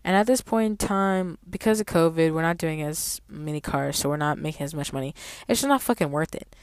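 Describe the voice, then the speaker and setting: A woman's voice: deep voice, fairly quick, smooth, no echo. A woman telling a storytime rant about her parking job in a blunt, profane, sassy way, with sudden emphatic outbursts. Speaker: valet parking attendant.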